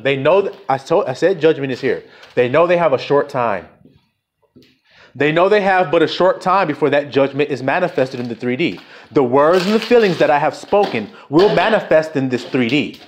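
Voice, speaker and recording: A man preaching a fiery, profane sermon in a high voice. His pitch swings widely, from low, muttered asides to emphatic shouts. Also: a little hiss or hum. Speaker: self-styled preacher. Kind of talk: fiery street-style sermon.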